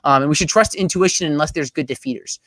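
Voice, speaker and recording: A young man giving a debate closing statement over a video call, talking rapidly with many fillers and restarts. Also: on the high side, a bit bright, no room sound. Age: young adult.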